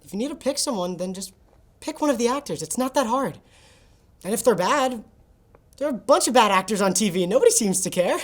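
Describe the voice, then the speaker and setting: A woman's voice: a little high, lively intonation, fairly quick. A woman playing a nonchalant, scheming young male assistant who talks offhandedly over a video call in a comedy sketch.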